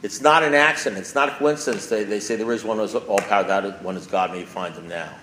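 A man's voice: on the low side, fast, fairly bright tone. A man speaks at a recovery meeting with emphatic, repetitive insistence, driving each point harder as he goes. His voice carries through an echoey room with a faint hum of background noise behind him. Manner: emphatic and repetitive, building with rising force.

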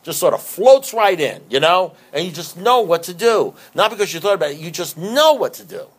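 A man's voice: high voice, expressive, fairly quick. A man giving an emphatic, conversational recovery talk who often repeats himself. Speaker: recovery speaker.

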